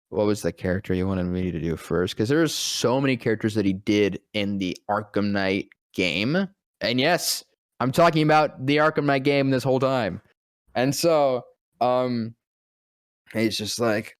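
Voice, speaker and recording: A young voice actor, guesting on a podcast, tells a story in casual chat with a fairly low voice. He rambles, swears freely and laughs easily, and the recording is clean studio sound with no room echo.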